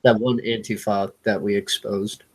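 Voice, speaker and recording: A man's voice: fairly low pitch, level tone, normal speed, breathy edge. A young man in casual conversation, laid-back and hesitant, trailing off with fillers. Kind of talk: casual chat.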